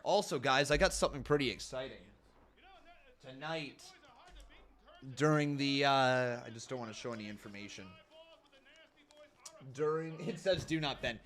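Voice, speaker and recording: A man's voice: medium pitch, normal speed, pauses often, fairly bright tone. A man hosting a live stream watch-along, commenting with upbeat energy, laughing often and chatting with his viewers. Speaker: host.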